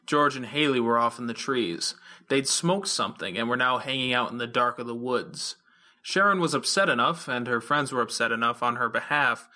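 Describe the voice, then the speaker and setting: A man reading a fan-made audiobook chapter aloud as narrator in a steady, even storytelling manner. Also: medium pitch. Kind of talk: scripted narration.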